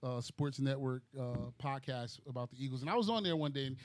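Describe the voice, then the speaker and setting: Hesitant man thinking out loud. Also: medium pitch, expressive, fast talker. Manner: thinks aloud, hesitant, tags points with "right?". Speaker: podcast co-host. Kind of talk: casual sports chat.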